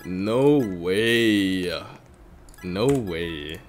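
A young man of about eighteen streaming a game live, chatting with viewers and swinging from low mumbles to loud outbursts. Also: lively intonation, very slow, faint music behind. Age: young adult, about 18.

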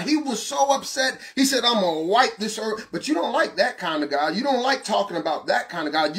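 A man preaching a passionate sermon, asking the listener questions and shouting some lines. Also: very high voice. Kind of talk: fiery street-style sermon.

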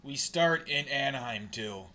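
Bright-voiced, cursing male streamer. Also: mid-range voice, animated, measured pace, a little hiss or hum. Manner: frustrated, profane, grumbling at the game. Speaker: live streamer. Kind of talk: live gameplay commentary.

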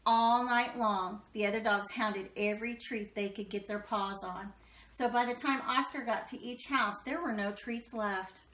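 Bright, expressive woman reading aloud. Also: on the high side. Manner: expressive, slows down for drama. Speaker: storybook reader. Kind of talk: children's picture book read-aloud. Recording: echoey room.

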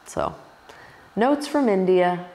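A woman yoga teacher telling a personal story in an emotional, expressive way, often restarting her sentences. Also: medium pitch, takes it slowly, big-room sound.

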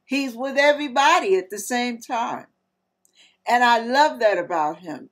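A woman hosting an online ministry, speaking heartfelt and tender as she shares and reads scripture. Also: fairly high pitch. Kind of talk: devotional scripture teaching.

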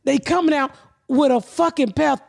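Woman in her forties, comedian host, brash, profane, animated storyteller. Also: high-pitched, moderate pace, vocal fry. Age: 40s. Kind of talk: casual storytelling chat.

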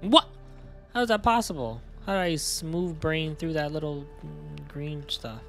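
A man's voice: on the high side, measured pace, creaky, fairly bright tone. Guy streaming a game, grumbles and swears a lot, faint music behind. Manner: grumbling, swearing, frustrated rants. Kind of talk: casual gaming chat.

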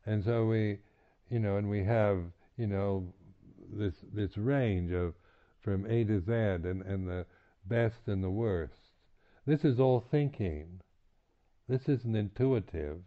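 A man giving a reflective dharma talk as a meditation teacher on retreat, halting, with many restarts and repeated words, and soft chuckles between points. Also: lowish voice. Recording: tinny, phone-like lo-fi recording.

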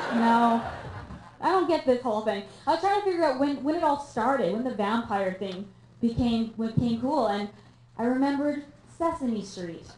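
A young woman from Canada performing a stand-up comedy set on a theatre stage, deadpan and self-mocking with quick asides. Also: on the high side, noisy background. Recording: echoey room, live audience.

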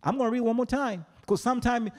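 A man preaching a sermon as pastor, animated and playful, often mimicking his congregation. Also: extremely high pitch, quick pace. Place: large church hall. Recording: long hall reverb.

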